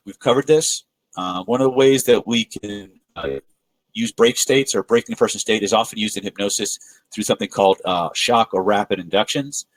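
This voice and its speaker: Male webinar teacher, low and lively voice, dry close mic, storyteller who acts out quotes. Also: dry recording, low-quality recording. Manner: animated storyteller acting out quoted voices, frequent filler restarts. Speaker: webinar presenter on persuasion.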